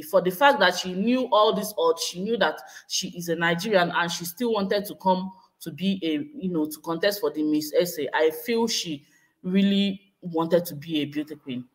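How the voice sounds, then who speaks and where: Woman vlogger, casual live-stream chat, speculative, hedging, responds to viewer comments. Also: on the low side.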